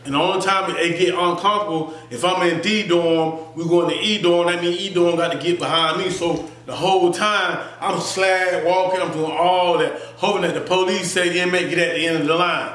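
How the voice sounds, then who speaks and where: A man tells his story in an animated, casual way and keeps checking in with the listener. His voice sits high. He is recorded off-mic in an echoey room. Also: fairly quick, few pauses, far from the mic. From Florida, US. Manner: animated, acts out voices, frequent "you feel me". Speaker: interview guest.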